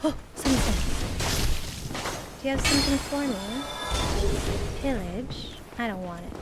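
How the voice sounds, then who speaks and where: A woman's voice: high-pitched, unhurried, over loud music. A woman streaming a game live, chatting to her viewers, yelping and swearing at the game as it goes wrong. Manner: excitable, yelps and swears at the game, chats to viewers. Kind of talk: casual live gameplay commentary.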